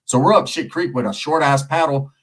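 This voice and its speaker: Husky-voiced man telling street stories. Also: a little high, a little fast, rough recording. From Merced area, California. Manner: streetwise slang, profane, animated. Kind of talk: casual storytelling.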